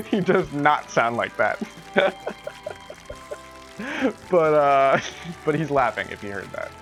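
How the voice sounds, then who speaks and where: A man's voice: fairly high pitch, big pitch swings, slow pace, long pauses, a bit bright, soft background music. A man streaming a game, chatting casually with his viewers in giggly, rambling asides. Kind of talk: casual live-stream chat.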